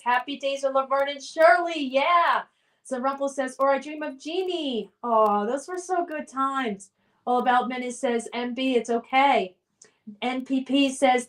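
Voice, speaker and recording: A woman's voice: sits high, distant mic. A middle-aged woman hosting a live stream, reading viewer comments aloud in a chatty, upbeat way. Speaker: livestream host reading chat. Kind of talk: casual live-stream chat.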